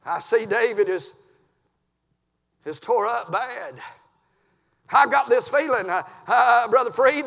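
High, gravelly preacher. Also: male voice, lively intonation, a little slow, long pauses, big-room sound. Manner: swings from low murmurs to shouted peaks, frequent "uh". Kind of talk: impassioned sermon. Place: church.

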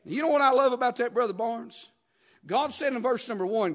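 A man's voice: very high-pitched, brisk. A man preaching a sermon, rhythmic and emphatic, studded with "uh" and calls of "Amen?". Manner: rhythmic preaching with frequent "uh" and "Amen?" call-outs, rising to shouts.

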